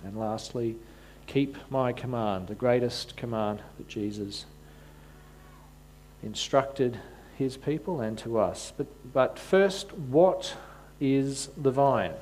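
A man delivers a sermon at an unhurried pace and a middling pitch. He often stumbles into repeated words before going on. Along the way he slips in dry, self-aware asides. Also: a little mellow, a little hiss or hum. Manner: frequent repeated words and restarts, wry asides. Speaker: preacher.

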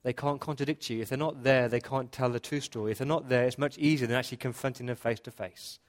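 Male pastor, earnest sermon delivery, mid pitch. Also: fairly even intonation, quick pace. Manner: earnest, emphatic repetition. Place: church.

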